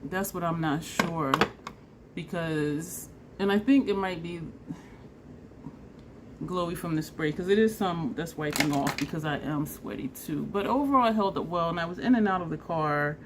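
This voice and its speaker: Chatty woman, low voice. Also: normal speed, noisy background. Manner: chatty, laughs and trails off mid-sentence. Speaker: beauty vlogger. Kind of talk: casual makeup vlog.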